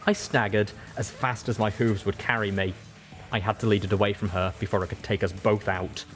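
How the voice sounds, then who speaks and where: A man narrating a first-person story as an audiobook reader, steady and measured. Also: on the low side, soft background music.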